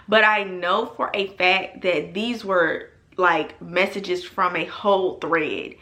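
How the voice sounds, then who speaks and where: Young woman, emphatic storytime vlog, bright voice. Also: on the low side, slow, few pauses. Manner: animated and emphatic, addresses viewers as y'all. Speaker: storytelling vlogger.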